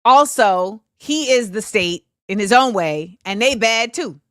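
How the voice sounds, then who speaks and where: A woman's voice: a little high, animated, measured pace, no echo, clean studio sound. A woman hosting a livestream, reading viewer comments aloud and answering them in a blunt, opinionated way. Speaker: host.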